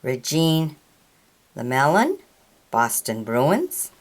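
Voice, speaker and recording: Woman, low voice, very slow pace, reading card names aloud, halting, stumbles on names. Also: wildly swooping pitch. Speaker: hockey card collector. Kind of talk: slow read-out of trading cards.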